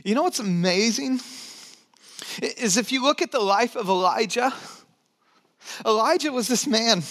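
A man preaching a sermon in a dynamic, conversational way, dropping to soft near-whispers and rising to emphatic points, with joking asides. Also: very high-pitched. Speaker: pastor.

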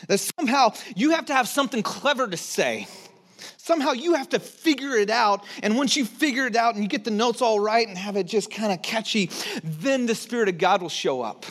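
A pastor with a notably high voice delivers a sermon to his church. He talks candidly and pokes fun at himself, loose and full of filler words. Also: lively intonation, brisk, a bit bright. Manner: candid, self-deprecating storytelling with many fillers.

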